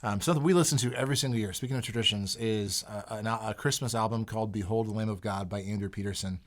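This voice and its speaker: Relaxed low-voiced pastor host, man. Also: fast talker. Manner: relaxed, hesitant, lots of "um" and "I mean". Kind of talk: casual podcast talk.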